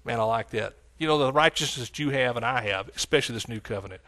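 A Texan-accented preacher in middle age exclaims hallelujah as he shifts between loud outbursts and soft asides. He speaks fast at a medium pitch.

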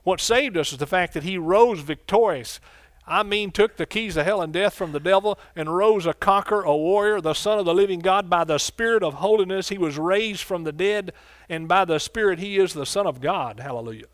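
Pastor preaching with call-and-response. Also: male voice, high-pitched, a little fast, no echo. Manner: preacherly call-and-response, asks congregation questions. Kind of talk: sermon.

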